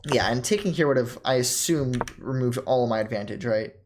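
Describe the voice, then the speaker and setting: A young man casually thinking aloud as he reviews his own chess game, often pausing with ums, correcting himself and laughing softly. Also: medium pitch, expressive, background noise. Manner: halting, self-correcting, many ums and laughs.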